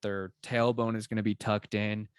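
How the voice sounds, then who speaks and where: Animated man, lowish voice, dry sound. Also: normal speed, smooth, dry recording. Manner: animated, explanatory, heavy on "like" fillers. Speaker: podcast co-host. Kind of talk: casual conversational chat.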